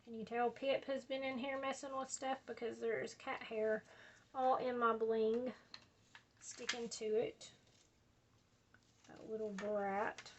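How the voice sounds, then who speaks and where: A woman's voice: a little high, fairly even intonation, slow pace, pauses often, lo-fi sound, a little hiss or hum. A woman, chatting casually and rambling while she does a scrapbooking project at home. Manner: chatty, drawling, says y'all and like a lot. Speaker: scrapbooking video host.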